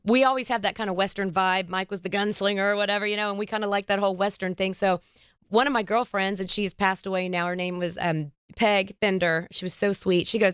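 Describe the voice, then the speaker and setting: Woman podcast host, lively storyteller who acts out quotes; clean, resonant voice, dry studio sound. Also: medium pitch, a little fast, clean tone, dry recording. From United States. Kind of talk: casual interview chat.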